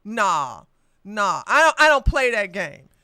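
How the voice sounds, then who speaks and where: A woman's voice: medium pitch, big pitch swings, slow, sharp tone, no room sound. A woman hosting a livestreamed political commentary podcast, talking in a combative, mocking way with frequent laughter. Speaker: podcast host.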